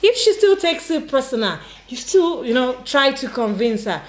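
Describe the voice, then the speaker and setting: A woman's voice: sits high, big pitch swings, normal speed. A woman on a faith-based discussion panel giving earnest advice, often repeating herself. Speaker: panel guest. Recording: echoey room.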